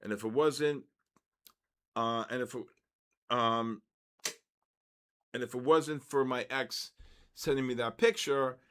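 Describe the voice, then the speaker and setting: A man in his sixties hosting a live trading session, telling stories in a casual, animated way and tagging his sentences with quick checks to the audience. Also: medium pitch, clean tone. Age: 60s. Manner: animated, keeps tagging 'right?' and 'okay?'. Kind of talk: casual livestream storytelling.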